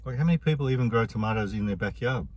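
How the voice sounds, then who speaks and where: A man's voice: mid-range voice, very fast. An Australian man chatting casually in a food review vlog, rambling and slangy.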